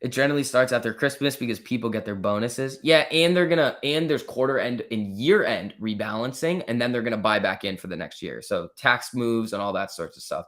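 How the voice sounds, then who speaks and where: A man's voice: medium pitch, fairly quick, hardly any pauses, fairly bright tone. A man hosting a casual live stream, reading viewer comments aloud and answering them with a joking, lightly teasing manner. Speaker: livestream host.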